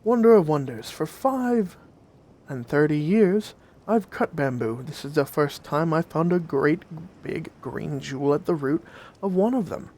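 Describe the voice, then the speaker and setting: A man's voice: fairly high pitch, expressive, unhurried, a little mellow. A man voicing a poor, humble old bamboo cutter in a told story, with old-fashioned country speech. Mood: amazed.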